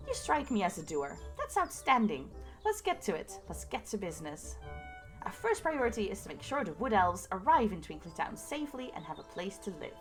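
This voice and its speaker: A woman voicing an upbeat, pushy town mayor in a game who talks in a brisk, self-pleased way. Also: mid-range voice, sing-song, faint music behind, natural voice.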